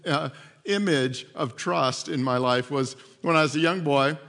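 A man preaching a sermon as pastor, telling a story in an animated way and acting out the voices in it. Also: fairly high pitch, a little slow, big-room sound.

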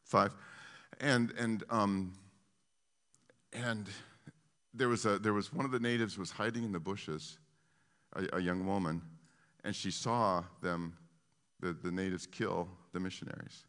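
A man preaching a sermon who tells his stories in an animated way, often stopping and restarting his sentences. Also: low voice, measured pace, pauses often. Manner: animated storytelling with many restarts. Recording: long reverb of a large hall.

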